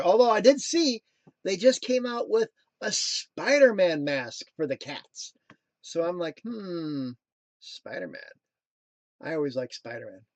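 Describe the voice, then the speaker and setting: A man in his thirties hosts a casual motivational talk, with a high-pitched voice recorded dry and close. He wanders into playful, jokey tangents and then returns earnestly to his message. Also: no room sound. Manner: playful, jokey asides, sings snatches. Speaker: motivational show host.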